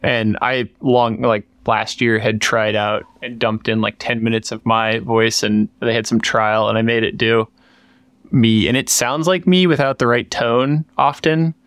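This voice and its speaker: A man's voice: mid-range voice, fairly even intonation, a little slow, fairly bright tone, clean tone, dry recording. A man co-hosting a podcast in casual chat, rambling with lots of fillers and restarts. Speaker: podcast co-host. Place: workshop.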